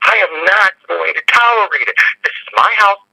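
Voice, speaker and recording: Gravelly, husky man telling an indignant story. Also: high voice, a little fast, sharp tone, rough recording. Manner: indignant, rambling. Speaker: guest caller. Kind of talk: angry storytelling on a call-in show.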